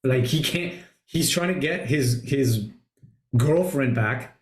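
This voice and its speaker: A man hosting a casual movie review chat, retelling scenes excitedly and swearing a lot. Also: mid-range voice, slow. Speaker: podcast host. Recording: roomy echo.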